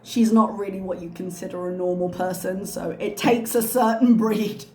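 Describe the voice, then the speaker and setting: A woman's voice: mid-range voice, fairly even intonation, moderate pace, darkish tone, slight background noise. Sarcastic woman commenting from an echoey room. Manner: sarcastic and critical. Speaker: reaction channel host. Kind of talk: reaction commentary.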